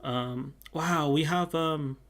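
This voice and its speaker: A man's voice: fairly high pitch, slow pace, a bit bright. A man hosting a casual live stream, chatting with viewers and reading their comments aloud. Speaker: livestream host.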